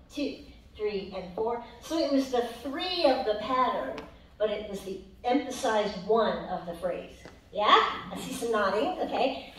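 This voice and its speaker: Woman dance teacher, bright and upbeat, counting beats in an echoey hall from far off. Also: fairly high pitch, a little hiss or hum. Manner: upbeat, chanting counts to music. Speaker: dance instructor. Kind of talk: live dance class teaching.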